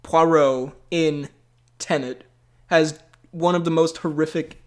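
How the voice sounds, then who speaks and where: A podcast co-host chats casually, his fairly high voice sitting a little above the usual male range. He speaks slowly with fairly even intonation, rambling through fillers and laughing often.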